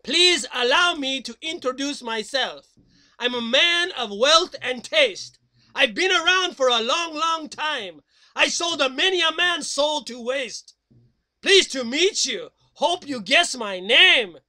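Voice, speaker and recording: A man voicing a suave, smug male devil who introduces himself slowly and grandly. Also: extremely high pitch, expressive, pushed and bright, voice pushed up, exaggerated voice.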